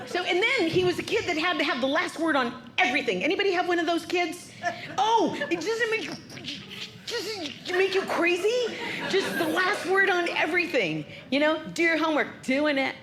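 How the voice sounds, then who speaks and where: A woman's voice: very high-pitched, expressive, moderate pace, reverberant, background noise. A woman from California doing a stand-up routine, telling wry stories about being a mom. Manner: storytelling, wry mom humor. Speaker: stand-up comedian.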